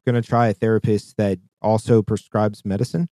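Man, casual podcast chat, rambling, heavy swearing, lowish voice, dry close mic. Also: level tone, brisk, warm tone, no echo. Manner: profane, rambling, restarts often. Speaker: podcast co-host.

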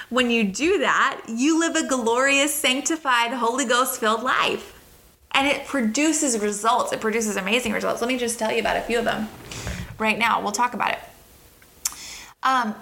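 A woman hosting a faith show, preaching in a casual, animated way and acting out little bits of dialogue. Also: medium pitch, creaky, low-quality recording. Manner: animated, acts out dialogue with quick voice switches. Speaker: host and preacher. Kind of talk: casual sermon.

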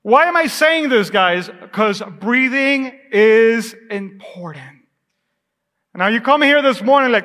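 A man preaching a sermon as the pastor, in a lively, conversational way, with asides and questions to his congregation. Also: high voice, normal speed. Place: church sanctuary. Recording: echoey church hall.

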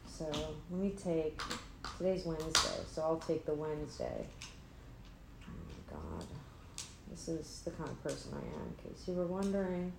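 A woman's voice: low-pitched, big pitch swings, moderate pace, gravelly, noisy background. Sleepy rambling woman in an echoey room. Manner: rambling, self-deprecating, trails off and restarts. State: sleepy, not fully awake. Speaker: vlogger. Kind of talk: casual rambling chat to camera. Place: indoors at home, an apartment. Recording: echoey room with faint ambience.

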